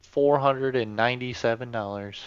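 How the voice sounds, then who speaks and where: Smooth-voiced dry, teasing man. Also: medium pitch, moderate pace, highs cut off. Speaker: co-host. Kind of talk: casual podcast chat.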